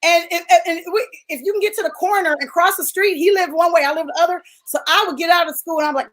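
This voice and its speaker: A woman talks in a relaxed panel chat. She tells her story with feeling and acts out the voices of the people in it. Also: very high-pitched, fast, hardly any pauses, low-quality recording. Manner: animated storytelling, acting out quoted voices. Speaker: panelist sharing a personal story. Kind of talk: casual chat.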